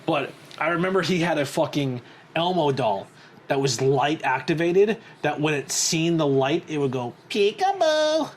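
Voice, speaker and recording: Animated, swearing man hosting a podcast. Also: fairly high pitch, moderate pace, slight background noise. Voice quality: swears a lot, animated storytelling. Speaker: podcast host. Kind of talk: casual chat.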